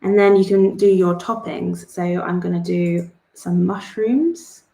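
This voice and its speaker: Unhurried and warm-toned, a young woman with a fairly low, creaky voice draws and chats casually as host of an art club. The room echoes, and her rambling tutorial is full of jokes at her own expense that make her laugh.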